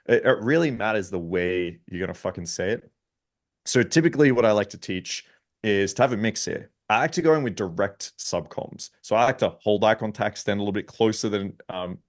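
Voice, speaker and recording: A man, a dating coach on a panel, explaining his approach bluntly and with lots of swearing. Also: fairly low pitch. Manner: blunt, profane, emphatic. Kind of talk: panel discussion.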